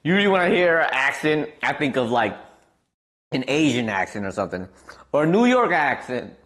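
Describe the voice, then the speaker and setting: A man's voice: mid-range voice, big pitch swings, normal speed, a bit bright. A young man from the American Midwest, a streamer chatting casually and rambling as he answers his chat aloud.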